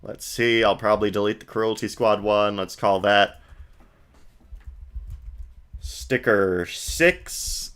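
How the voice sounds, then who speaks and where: A man chats wryly as he plays through a video game on stream. His voice is bright and forward, with quick joking asides. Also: fairly low pitch, steady tone, clean tone. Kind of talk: let's play commentary.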